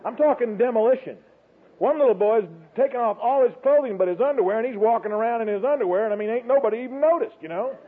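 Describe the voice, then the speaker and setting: A man's voice: extremely high pitch, fast, breathy edge. A man telling a colloquial, dramatic church testimony, speaking straight to his audience, heard over a tinny phone-like broadcast. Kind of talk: folksy storytelling testimony.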